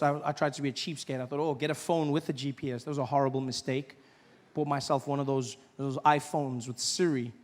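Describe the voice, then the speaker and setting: High-voiced man telling stand-up stories. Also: big-room sound. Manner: storytelling, acts out other people's voices, loud high outbursts. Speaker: stand-up comedian. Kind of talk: stand-up comedy set.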